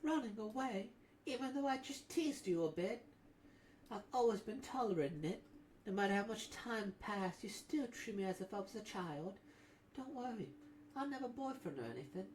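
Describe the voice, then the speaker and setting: A man doing a shy young woman, high and soft. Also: lively intonation, moderate pace, echoey room, a little hiss or hum. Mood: apologetic. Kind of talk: comic reading with voiced characters.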